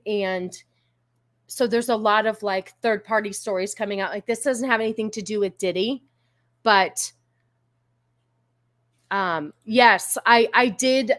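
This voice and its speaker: A woman's voice: mid-range voice, a bit bright. A woman from California hosting a casual livestream, chatting with viewers in a sassy, laughing way and slipping into a valley girl voice. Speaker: livestream host. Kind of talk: casual chat with live chat viewers.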